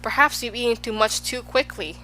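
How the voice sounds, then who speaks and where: A woman's voice: fairly high pitch, brisk, bright, forceful tone, slight background noise, rough recording. Woman reading as a polite puzzled boy. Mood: earnest. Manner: polite, earnest, questioning. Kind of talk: audiobook character voice.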